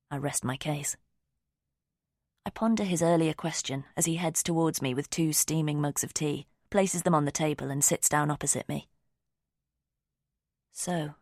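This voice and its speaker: A woman narrating a novel in the first person, measured and intimate. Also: low-pitched, a little mellow, dry recording, clean studio sound. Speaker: audiobook narrator.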